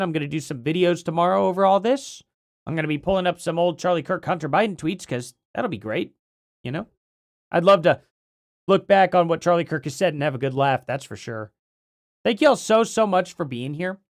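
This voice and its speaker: A livestream host talks casually and thinks aloud as they read, wandering from one point to the next. The voice is starting to go and the pitch swings up and down a lot. It sounds close and dry, with no room sound. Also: no echo. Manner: rambling, thinks aloud while reading.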